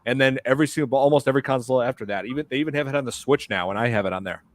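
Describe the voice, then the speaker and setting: A man's voice: mid-range voice, racing. A man hosting a podcast in casual chat, rambling with many fillers. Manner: rambling, lots of "like" and "uh". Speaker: podcast host.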